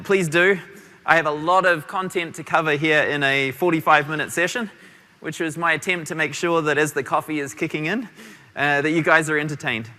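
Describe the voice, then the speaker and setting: A man with a New Zealand accent presents a tech conference session, energetic and quick. His voice is bright and a little high, and it rings out in a large reverberant hall. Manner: energetic, quick, self-deprecating.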